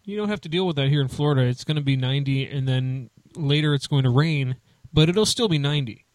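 A man's voice: a little high, quick pace, no echo. A man hosting a casual podcast chat, rambling with lots of restarts and fillers. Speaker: podcast host.

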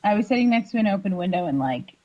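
A woman's voice: mid-range voice, expressive, quick pace, a little mellow, no echo, poor audio. A woman guesting on a casual podcast, candid and giggly.

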